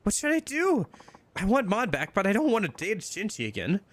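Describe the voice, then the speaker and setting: A man's voice: sits high, wildly swooping pitch, moderate pace, a bit bright, voice pushed up, exaggerated voice. A man voicing an anxious young woman who pleads about her missing cat. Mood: worried. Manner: pleading, fretful.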